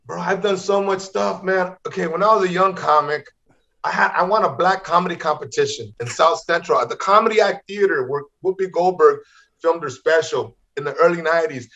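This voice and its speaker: A middle-aged man from Los Angeles, a comedian telling wild stories in an energetic way, always saying "bro" and "man.". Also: fairly high pitch, a little fast, gravelly. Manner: energetic, repeats "bro" and "man", acts out voices. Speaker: comedian guest. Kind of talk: animated storytelling. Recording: slightly dull lo-fi audio.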